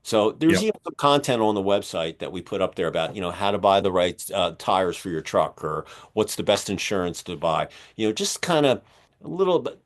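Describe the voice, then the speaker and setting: A man hosting a podcast interview, talking in a rambling, energetic way with many fillers, his voice going hoarse as he keeps clearing his throat. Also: sits low, a little fast. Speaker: podcast host and magazine publisher. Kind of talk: casual interview chat.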